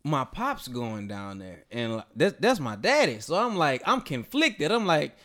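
A man tells a long story on a podcast. He talks loosely and cusses freely. His voice leaps high and loud whenever he acts out what people shouted. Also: unhurried. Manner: animated, profane storytelling with voiced quotes. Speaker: podcast host. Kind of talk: casual storytelling chat.

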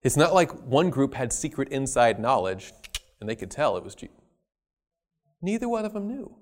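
A man preaching a sermon, stressing key words loudly and then dropping to quiet asides. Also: mid-range voice, big pitch swings, moderate pace. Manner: emphatic, swinging between loud stresses and quiet asides.

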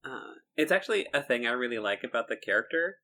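A man's voice: mid-range voice, lively intonation, fast talker, bright, forceful tone. A man co-hosting a podcast, chatting casually about a cartoon and laughing often. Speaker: podcast co-host. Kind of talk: casual chat reviewing a cartoon.

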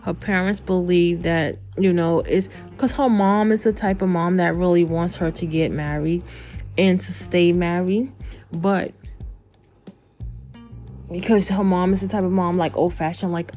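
A woman's voice: lowish voice, steady tone, unhurried, dark tone, soft background music. A woman hosting a podcast and recommending books in a casual chat. She talks in a loose, chatty way with many fillers, and her voice is dry and fading from talking too much. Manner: chatty, filler-heavy, spells out names. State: losing her voice, dry throat. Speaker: podcast host.

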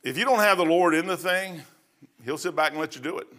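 A middle-aged male pastor preaching a sermon in a folksy storytelling way, acting out quotes loudly. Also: on the high side, fairly quick.

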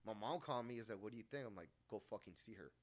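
A man's voice: lowish voice, expressive, racing. A middle-aged man, a tattoo artist guest, chatting casually, swearing freely and laughing through his stories. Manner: profane, laughs often, storytelling. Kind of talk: casual chat.

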